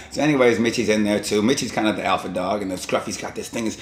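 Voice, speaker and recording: A man's voice: lowish voice, fairly even intonation, fast talker, hardly any pauses. A man hosting his own vlog, telling stories in a casual, rambling and digressive way. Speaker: vlog host. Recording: echoey room.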